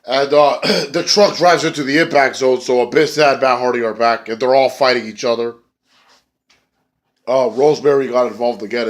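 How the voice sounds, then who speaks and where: Excitable, profane man reviewing wrestling. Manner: excitable, profane, rambling with fillers; breaks into squeaky high voices when quoting wrestlers. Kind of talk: casual spoken review.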